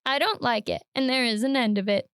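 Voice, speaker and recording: A woman voicing a blunt, gruff seafaring man in a dramatic read-aloud, speaking loud and indignant. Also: fairly high pitch, fairly quick, no echo, natural voice.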